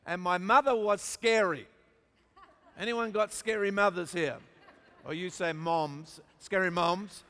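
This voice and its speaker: A middle-aged man with an Australian accent, preaching a sermon as an animated storyteller who jokes with his congregation. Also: sits high, a little slow. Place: large church auditorium. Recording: long hall reverb.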